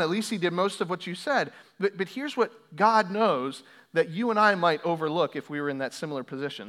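A man delivering a sermon from a pulpit. His voice sits a little higher than most men's. He works through his points step by step, repeats his key lines, and pushes harder as he goes. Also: a bit bright. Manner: builds from measured to intense, repeats key phrases for emphasis. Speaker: pastor.

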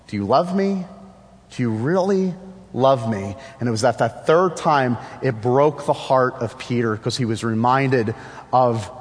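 A man's voice: fairly high pitch, long reverb tail. A man preaching a sermon with emphatic repetition and rhetorical questions.

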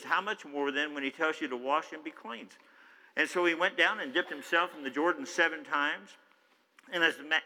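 A man preaching in a church sanctuary, with a very bright, ringing voice pitched a touch high. He swings between loud, excited bursts and quiet asides and acts out the Bible characters himself. Long hall reverb trails after every phrase. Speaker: pastor. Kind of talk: sermon.

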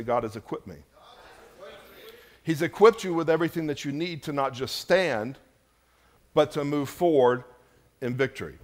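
A male pastor's church sermon shifts from hushed, low lines up to loud, emphatic peaks and back again.

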